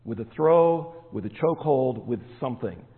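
A man's voice: mid-range voice, expressive, normal speed. Man preaching in an echoey hall. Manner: emphatic, rising to stressed words. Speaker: pastor. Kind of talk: sermon. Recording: echoey hall, tinny phone-like sound.

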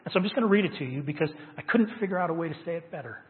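A man's voice: a little high, lively intonation, very fast. A man preaching a sermon as pastor, emphatic and stressing key words. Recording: tinny phone-like sound with long hall reverb.

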